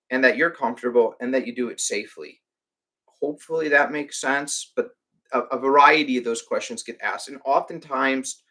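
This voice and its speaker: A man's voice: medium pitch, pushed and bright. A man who runs a reptile rescue, chatting on a live stream and ranting with lots of restarts and filler words. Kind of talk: casual live-stream chat.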